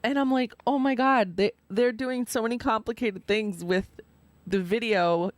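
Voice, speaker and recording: A woman's voice: a little high, fairly even intonation, normal speed, a little mellow, no echo. A woman hosting a live stream, chatting casually and laughing often as she tells stories. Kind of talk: casual chat.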